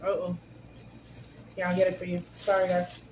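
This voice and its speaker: A woman hosts a casual food-tasting vlog, chatty and giggly as she talks straight to her viewers. Her voice is on the low side and monotone, at normal speed. The room is echoey, and there's a faint hiss.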